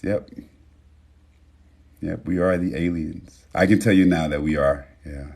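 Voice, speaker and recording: A man hosts a casual livestream chat in a low, gravelly voice at normal speed, with long pauses and a slightly rough sound. He talks loosely and swears, calls his viewers y'all, and reads out their names with warm affirmations.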